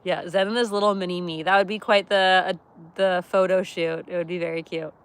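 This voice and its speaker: A woman hosting a casual livestream from her camper van, chatty and quick to laugh as she talks with viewers. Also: lowish voice, fairly even intonation, clean tone. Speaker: livestream host. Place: camper van by a wood stove.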